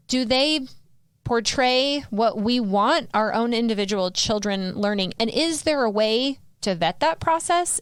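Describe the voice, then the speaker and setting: A fairly high-pitched woman hosting a podcast, speaking earnestly and full of questions. Her voice is smooth and clear, recorded close and dry. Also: dry recording. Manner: earnest, questioning, many restarts. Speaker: podcast host. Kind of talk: casual discussion.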